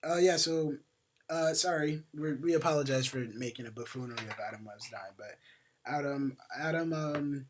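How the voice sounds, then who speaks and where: Young man, fairly high voice, rambling casual chat, lots of fillers, swears. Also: normal speed, slight background noise. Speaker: podcast co-host. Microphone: headphones on, home podcast mic.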